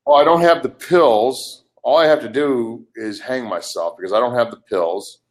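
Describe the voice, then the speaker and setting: A man's voice: medium pitch, moderate pace. Agitated older man ranting profanely. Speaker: livestream participant. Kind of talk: heated live webcast argument.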